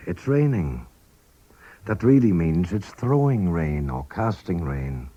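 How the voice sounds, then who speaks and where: A man presenting a scripted radio language lesson. He speaks carefully and repeats each phrase slowly, then at normal speed. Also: deep voice, sing-song, mellow, slightly rough. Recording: dull 1980s radio recording.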